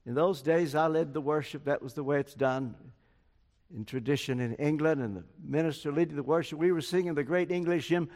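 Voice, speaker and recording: An older man preaches with a fairly high voice, telling a story and slipping into the quoted words of its people. His voice carries a long reverb, as if in a church sanctuary. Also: a little fast, a little mellow. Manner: storytelling, acts out quoted dialogue. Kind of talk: sermon.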